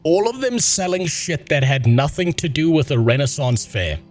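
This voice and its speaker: A man's voice: on the high side, big pitch swings, moderate pace, faint music behind. Profane South African man ranting. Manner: profane, exasperated storytelling. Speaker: streamer. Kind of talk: casual ranting to stream chat.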